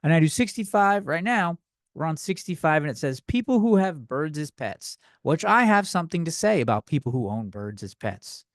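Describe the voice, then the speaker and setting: A man's voice: fairly high pitch, big pitch swings, moderate pace, no room sound, clean studio sound. Profane young man ranting on a podcast. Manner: ranting, profane, worked-up and loud at times. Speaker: podcast host. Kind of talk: comedic rant.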